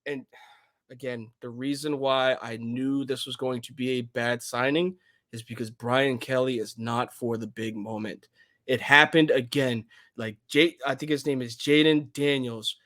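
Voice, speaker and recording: A young man talking college football on a home podcast, his voice bright and forceful. He rambles and restarts mid-thought, with sudden excited outbursts. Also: medium pitch, measured pace. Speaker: podcast co-host. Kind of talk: casual sports chat. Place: home room.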